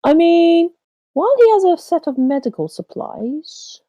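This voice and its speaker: A woman's voice: very high-pitched, sing-song, measured pace, warm tone, no echo, muffled recording. A woman playing a tabletop game in casual chat, hesitant, with many ums and cheerful swearing. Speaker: player.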